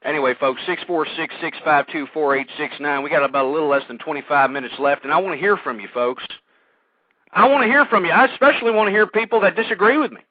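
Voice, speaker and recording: A man with a high voice rambles through a talk radio monologue, repeating himself and working up to heated outbursts. His voice comes through a thin, phone-like line. The sound is dry and close. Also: fast talker, no echo. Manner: rambling, repeats words, grows loud and heated. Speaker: radio host.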